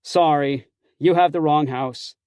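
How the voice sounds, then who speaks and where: A man's voice: on the high side, measured pace, a little mellow, no echo, studio quality, lightly acted. A man doing a bellowing, teasing tattooed guy. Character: loud friendly heavily tattooed young man.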